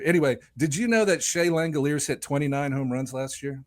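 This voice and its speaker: A man's voice: medium pitch, fast, hardly any pauses. Rambling, joking man co-hosting a podcast. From lives in Nashville. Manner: rambling, joking, swears casually. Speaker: podcast co-host. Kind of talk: casual sports podcast chat.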